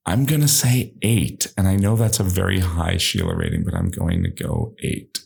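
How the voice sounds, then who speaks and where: A man's voice: low voice, moderate pace, gravelly, husky. A man co-hosting a podcast, chatting enthusiastically about movies. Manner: animated, enthusiastic storyteller. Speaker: podcast co-host. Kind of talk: casual movie chat.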